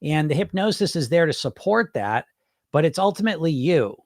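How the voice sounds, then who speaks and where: Earnest man with a higher voice. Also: very animated, a little fast, dry recording, studio quality. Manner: earnest, emphatic, repeats phrases for stress. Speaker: weight loss podcast host and hypnotist. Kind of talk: casual coaching talk answering a listener question.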